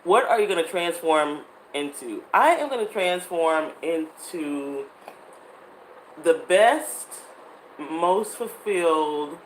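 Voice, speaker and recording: A woman's voice: on the low side, slow, a little hiss or hum. Chatty woman in her thirties, echoey room. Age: 30s. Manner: animated, laughing often, talks to her audience. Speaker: vlogger. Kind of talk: casual chat to viewers. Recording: echoey room with faint ambience.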